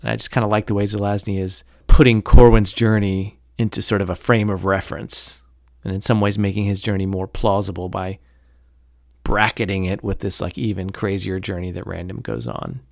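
Speaking in a deep, brisk voice with vocal fry, this man hosts a podcast and chats loosely about a novel. His take is critical and opinionated, delivered in a rambling way full of fillers and hedges, and the studio sound is clean with no room noise.

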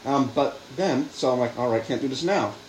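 A man's voice: medium pitch, fairly quick. A young man co-hosting a casual podcast, telling stories in a wry, mildly irritated way. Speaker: podcast co-host. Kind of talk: casual chat. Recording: roomy echo, faint background hum.

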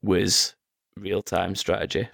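A man's voice: deep voice, little pitch movement, slow, vocal fry, a bit bright. A man hosting a casual quiz with friends, reading out questions and making sarcastic, sweary asides. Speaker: quizmaster.

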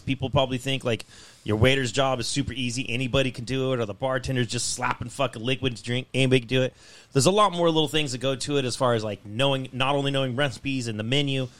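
A man's voice: mid-range voice, a bit bright. A young man hosting a podcast, ranting in a casual, exasperated way and swearing constantly. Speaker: podcast host.

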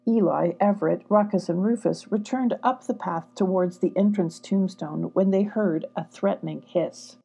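A woman narrating a children's storybook in a gentle, even storytelling manner. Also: lowish voice, normal speed, creaky, few pauses, husky. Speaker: storybook reader.

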